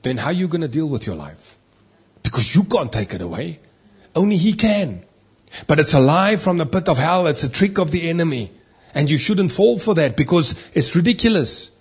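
A man preaching a sermon, emphatic, swinging between loud stressed lines and quiet asides. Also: a little high, very animated, moderate pace, slightly rough. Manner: emphatic, rising and dropping loudness for stress.

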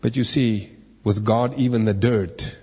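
Guy teaching bible stuff, kinda husky, asks the room questions, long echo in a big hall. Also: lowish voice, fairly even intonation, measured pace, dark tone. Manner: questions to listeners, playful asides. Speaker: preacher. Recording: echoey hall.

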